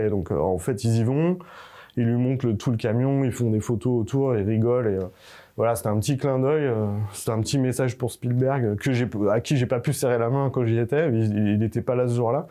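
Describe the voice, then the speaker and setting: A man's voice: mid-range voice, fast, dark tone. A man, a game artist, telling studio stories in an interview, hesitant with many filler sounds. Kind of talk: interview storytelling.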